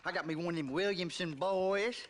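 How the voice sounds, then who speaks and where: An actor playing a hostile, jumpy small-town deputy in a western video game, with high, twangy, agitated speech. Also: male voice, brisk, slight background noise, lightly acted.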